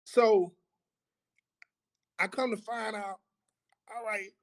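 A man's voice: high voice, fairly even intonation, slow pace. A man, a former coach and athletic director, talking reflectively in conversation. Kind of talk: conversational interview.

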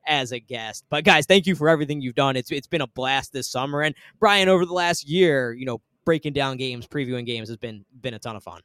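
A man hosting a sports betting podcast, chatting casually through his picks in a relaxed way. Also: mid-range voice, brisk, hardly any pauses, smooth, dry recording. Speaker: podcast host.

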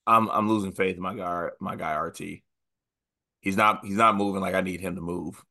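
Bright-voiced young man riffing on basketball. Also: low-pitched, normal speed, vocal fry. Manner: animated, joking, mocks with put-on quotes. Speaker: podcast co-host. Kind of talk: casual sports podcast chat.

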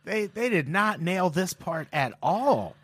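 A man's voice: high voice, sing-song, slow pace, fairly bright tone, husky, no room sound, clean studio sound. A man co-hosting a podcast in casual comedic chat, dryly amused as he reads news quotes aloud. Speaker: podcast co-host.

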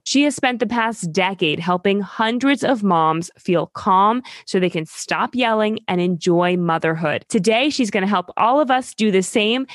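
A woman in her thirties hosting a parenting podcast, reading a smooth intro and asking friendly questions. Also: medium pitch, no room sound, clean studio sound. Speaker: podcast host. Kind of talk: podcast interview.

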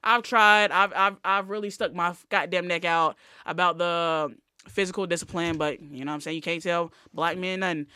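A woman's voice: on the low side, fairly even intonation, moderate pace, bright, forceful tone, clean tone, no room sound. A woman comedian, a guest on a podcast, chatting loosely and telling stories with lots of "like". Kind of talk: casual podcast chat.

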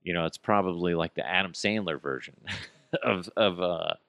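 A man hosting his own podcast, ranting in a casual, sarcastic and profane way with sudden yelled outbursts. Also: low voice, normal speed, gravelly, no echo, dull audio. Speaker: podcast host. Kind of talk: casual comedic rant.

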